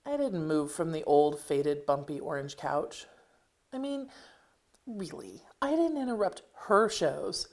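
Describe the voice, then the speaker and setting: A woman with a slightly low voice reads her own memoir aloud. Her delivery is measured and plain, with a dry edge on the wry asides. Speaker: author reading her own story. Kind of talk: reading a personal memoir aloud.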